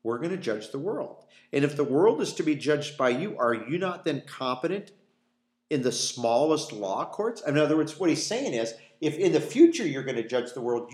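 On the high side with a darkish tone, this man teaches the Bible in an echoey church meeting room. He leads a small group in a conversational, folksy study, using rhetorical questions and dramatizing quoted dialogue.

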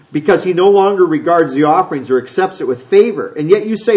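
A man with a high-pitched voice teaches a conversational Bible sermon. He reads scripture aloud and then explains it in a folksy, chatty way. Now and then he slips into quick voices. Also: darkish tone, highs cut off. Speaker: pastor.

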